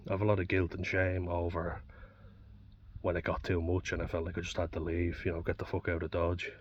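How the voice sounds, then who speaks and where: A man's voice: deep voice, monotone, fairly quick. A man with an Irish accent talking bluntly and candidly, swearing often, in a personal reflective monologue. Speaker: vlogger. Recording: dull distant mic with faint background noise.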